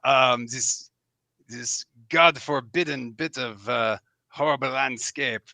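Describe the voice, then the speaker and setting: A man's voice: mid-range voice, slow, bright, forceful tone, dry recording. A man voicing a pompous male mouse knight in full plate, with a put-on upper-class English accent and a courtly, blustering manner. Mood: pleased.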